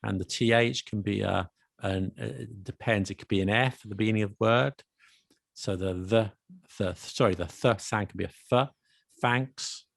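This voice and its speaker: Recorded cleanly in a studio with no echo, a man with a fairly low, creaky voice speaks at normal speed. He's co-hosting a casual podcast chat about accents and patiently explains through examples.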